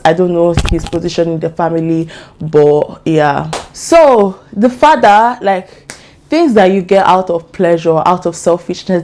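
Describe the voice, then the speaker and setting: A young woman with an African accent, casually telling a true crime story as a vlogger, chatty and animated with asides. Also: mid-range voice.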